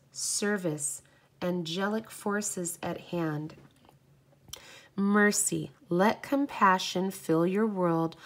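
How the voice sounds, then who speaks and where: A woman hosts a live oracle card reading, gushing and exclamatory as she talks to her viewers. She reads the card texts aloud in a mid-pitched voice. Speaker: oracle card reader hosting a livestream.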